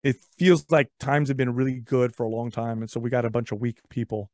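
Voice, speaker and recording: Male podcast guest, mid-pitched, storytelling, talks in restarts, dry close sound. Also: brisk, dry recording. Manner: animated storyteller with frequent repeated words. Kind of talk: casual chat.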